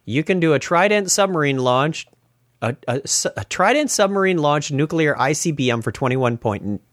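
A man's voice: on the high side, expressive, moderate pace, fairly bright tone, dry recording, clean studio sound. A man hosting a casual tech podcast, chatty and laughing as he retells funny stories. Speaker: podcast host.

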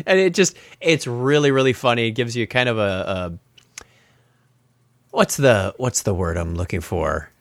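A man's voice: medium pitch, lively intonation, unhurried, pauses often, dry recording. A man hosting a casual tech podcast, chatty and laughing as he retells funny stories. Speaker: podcast host.

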